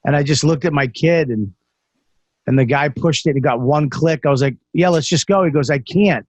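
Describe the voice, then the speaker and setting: A man hosting a podcast, telling rambling self-mocking stories full of swearing and false starts. His voice sits a little higher than most men's. The sound is dry and close. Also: normal speed, dry recording, lo-fi sound. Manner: profane, self-deprecating storytelling with many restarts. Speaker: podcast host. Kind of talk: casual chat.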